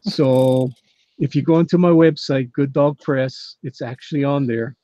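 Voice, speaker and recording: Laid-back man with a mellow voice. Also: mid-range voice, steady tone, unhurried, dry recording. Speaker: comic artist guest. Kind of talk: casual chat on a livestream.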